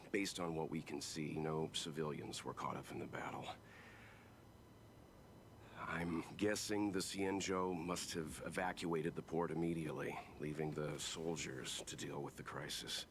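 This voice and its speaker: An actor playing a calm, authoritative older male leader in a video game, speaking in a steady, measured way. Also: deep voice, slight background noise.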